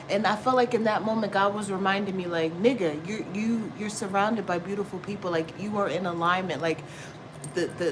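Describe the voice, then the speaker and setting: Over steady background noise, a medium-pitched woman running a tarot livestream talks spirituality with her viewers. She's blunt and chatty, swears freely, and often laughs and exclaims.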